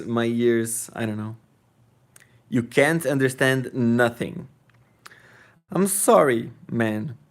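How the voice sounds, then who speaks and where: A young man with a Brazilian Portuguese accent, Portuguese his first language, chatting casually as a livestream host and rambling, restarting and joking. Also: mid-range voice.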